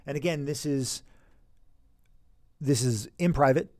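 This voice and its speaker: A man teaching classroom management in a conversational way, sometimes acting out calm talks with students. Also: mid-range voice, measured pace, no echo, studio quality. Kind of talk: instructional talk on classroom management.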